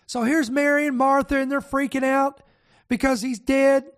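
Brief: high-pitched pastor, fervent sermon delivery, punches points with "come on", reads scripture aloud. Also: little pitch movement, normal speed. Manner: impassioned, repeats "come on" for emphasis.

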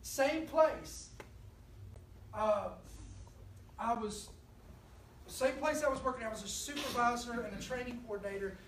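Animated woman preaching. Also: on the high side, a little slow, pauses often, slight background noise. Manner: storytelling, animated, addresses the congregation directly. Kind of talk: sermon. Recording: echoey room from a distance.

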